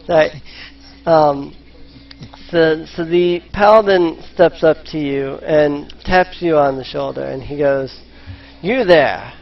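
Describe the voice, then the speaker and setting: A man running a tabletop game as game master, talking slowly and hesitantly with frequent ums and restarts. His voice is fairly high for a man. The sound is slightly muffled, like an online voice chat. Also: gravelly. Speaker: dungeon master.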